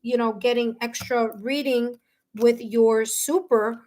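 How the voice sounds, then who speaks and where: A woman reading tarot live for her viewers, talking warmly and emotionally, with many fillers and restarts. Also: on the high side, steady tone, takes it slowly. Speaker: tarot reader and medium. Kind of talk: live-stream reading, casual chat with viewers.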